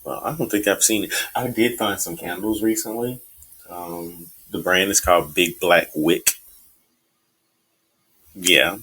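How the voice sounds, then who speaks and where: A man with a very low, husky voice, co-hosting a laid-back podcast. His tone has a bright, forceful edge despite the depth, and he talks with easygoing, wry humor. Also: steady tone, unhurried, pauses often. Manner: easygoing, wry, chuckles often. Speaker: podcast co-host. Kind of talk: casual chat.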